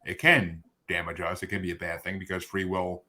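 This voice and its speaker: A man's voice: low-pitched, flat delivery, a little fast, pushed and bright. A man hosting a podcast interview, talking casually in rambling, self-interrupting runs with sarcastic asides. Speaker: podcast host.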